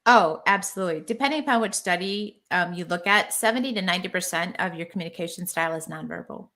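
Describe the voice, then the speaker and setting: A woman guest on a business podcast, talking as a marketing strategist. Her voice is bright and forward, and she explains things with easy confidence in a casual chat. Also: fairly low pitch, fast.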